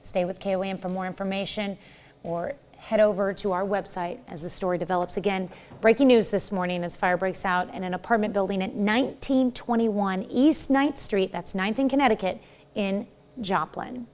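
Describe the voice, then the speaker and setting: A woman anchoring a morning TV newscast, reading stories in a crisp newsreader delivery. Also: mid-range voice, fairly even intonation, normal speed, darkish tone. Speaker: news anchor. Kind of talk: read news broadcast. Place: TV news studio.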